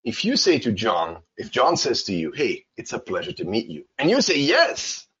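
A male English teacher talks in a casual, playful way and acts out short exchanges in silly voices. His pitch leaps widely, his voice is a little husky, and the recording sounds slightly dull and lo-fi. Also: big pitch swings, moderate pace, a bit bright. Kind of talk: casual spoken English lesson.

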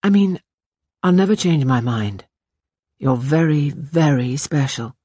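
An anxious, tender young man, as a woman narrator puts him on, speaking low and earnestly in a hush. The voice stays husky and soft. It is heard close and dry, as in a storybook reading. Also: expressive, unhurried, dry recording, heavily acted. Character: anxious young male writer, tender lover.

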